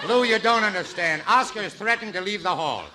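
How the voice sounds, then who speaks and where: An older man in his sixties hosting a 1940s radio comedy show, trading scripted jokes and singing with slow, drawn-out theatrical phrasing. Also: sits high, expressive, over a noisy crowd, very noisy. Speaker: host and singer. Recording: old radio broadcast with orchestra.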